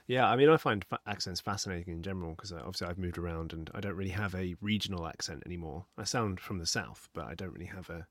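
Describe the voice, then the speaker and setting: A man with a fairly low voice who talks briskly. As interviewer, he throws out friendly questions and keeps the chat moving with quick affirmations. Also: a bit bright, slight background noise.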